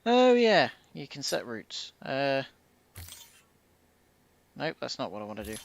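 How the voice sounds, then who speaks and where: A man's voice: medium pitch, a little slow, creaky, fairly bright tone, slight background noise. A man giving casual let's-play commentary as a gameplay streamer, making wry, joking asides.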